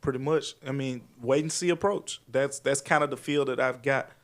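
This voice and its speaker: A man talks as a guest reporter on a podcast. He sounds relaxed and mid-pitched, nodding along and explaining things plainly. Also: moderate pace. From Memphis, Tennessee. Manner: relaxed, agreeable, lots of backchannel. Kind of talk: casual podcast chat.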